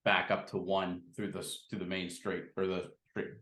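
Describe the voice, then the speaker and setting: A man's voice: sits low, flat delivery, moderate pace, fairly bright tone, reverberant. A man from Canada co-hosting a podcast, chatting in a loose, jokey way. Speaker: podcast co-host. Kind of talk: casual chat.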